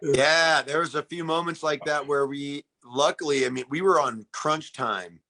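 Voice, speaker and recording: A man's voice: on the high side, normal speed, bright, forceful tone, a little hiss or hum. A man talking about making a film in a casual interview, earnest and reflective, often restarting his sentences. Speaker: actor in the film.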